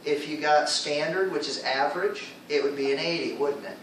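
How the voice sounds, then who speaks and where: Man, teacher, fairly high voice, patient explaining, echoey room, far from the mic. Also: normal speed, a bit bright, a little hiss or hum. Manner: explains patiently, checks in with students often. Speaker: ESL teacher. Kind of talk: classroom teaching. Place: classroom.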